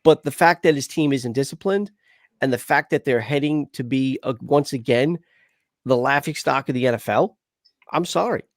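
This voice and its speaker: A man's voice: mid-range voice, moderate pace, dry recording, studio quality. A man co-hosting a casual live sports chat, arguing heatedly with frequent restarts. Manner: argumentative, heated, lots of restarts. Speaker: podcast co-host.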